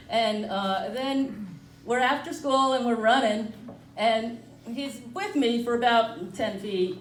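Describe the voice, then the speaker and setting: Brief: woman comic, rambling and self-mocking, higher voice, recorded from a distance in a roomy bar. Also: takes it slowly, a little hiss or hum. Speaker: stand-up comic. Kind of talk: stand-up comedy set. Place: brewery comedy night. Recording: echoey room, from far off.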